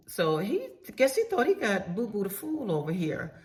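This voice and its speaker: A woman's voice: mid-range voice, huge pitch swings, moderate pace, a little mellow. A middle-aged woman telling a personal story in a casual storytime monologue, candid and emphatic with salty slang, talking straight to her listeners. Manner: addresses listeners directly.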